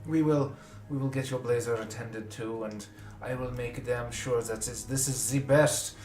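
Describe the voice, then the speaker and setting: A man's voice: on the low side, level tone, fairly quick, close to an everyday voice. A man voicing a troubled male vampire noble, speaking formally with a put-on French accent. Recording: roomy echo with faint music.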